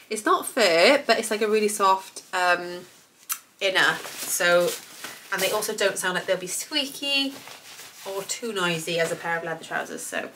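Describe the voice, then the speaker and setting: A British woman in her thirties, slightly hoarse while getting over an illness, rambling enthusiastically through a clothing haul with lots of fillers. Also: mid-range voice, background noise. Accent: British English. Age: 30s. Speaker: fashion vlogger. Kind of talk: casual try-on haul chat.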